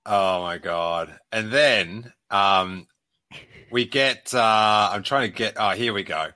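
A man with a New Zealand accent hosting a casual panel chat, halting and restarting often. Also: on the low side, sharp tone, dry recording. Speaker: podcast host.

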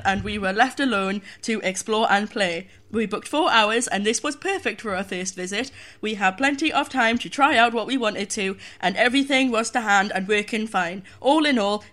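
A woman's voice: mid-range voice, close to an everyday voice. A woman voicing a plain-spoken northern male reviewer in a put-on accent that slides from Yorkshire to Geordie, reading a review with mock seriousness. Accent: wobbly put-on northern English, Yorkshire sliding to Geordie. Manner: reads aloud in a mock-serious deadpan.

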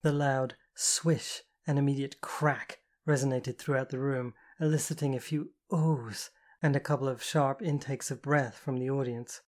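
An audiobook narrator telling a first-person story. The delivery is even and intimate, with a steady voice of middling pitch. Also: normal speed.

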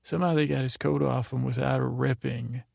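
A man hosting a sleep podcast, telling a meandering bedtime story in a halting way, full of restarts and repeated "I said". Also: medium pitch, steady tone, gravelly, a little mellow, no room sound, studio quality.

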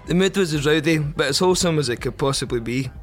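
A man's voice: fairly high pitch, quick pace, faint music behind. A Scottish man narrating a first-person story for a podcast in a wry, profane, vivid way. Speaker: podcast host.

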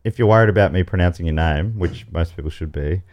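A man's voice: deep voice, quick pace, lo-fi sound. An Australian man hosting a comedy game show podcast, reading out quiz questions with playful asides. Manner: playful, reads questions aloud with animated asides. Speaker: host.

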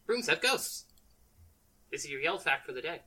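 A woman narrating a tabletop role-playing game as game master, playful and quick to laugh. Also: low voice, lively intonation, bright, forceful tone, breathy edge, rough recording. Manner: playful, laughs often, slips into quick character voices.

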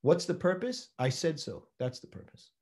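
A man's voice: fairly high pitch, normal speed. A rabbi teaching a Torah class, quoting Hebrew sources and pressing his points with rhetorical questions. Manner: animated, emphatic, rhetorical questions, quotes Hebrew texts. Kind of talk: Torah lecture.

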